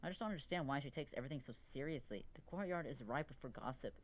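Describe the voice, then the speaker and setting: A man's voice: medium pitch, animated, fast, rough recording. A man reading a visual novel aloud as narrator, wry and now and then stumbling over words. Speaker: let's play reader.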